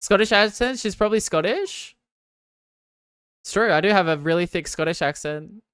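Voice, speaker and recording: She's a young streamer from Victoria, Australia, with an animated mid-range voice, a clean tone, and normal speed. The recording is dry with clean studio sound as she chats casually, reads comments, jokes sarcastically, and protests loudly now and then.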